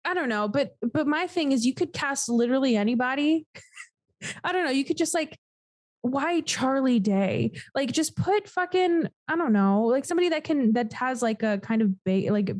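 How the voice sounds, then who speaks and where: Blunt, higher-voiced woman podcast co-host. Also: animated, normal speed, darkish tone, no echo, clean studio sound. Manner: blunt, incredulous, swears freely. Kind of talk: casual chat.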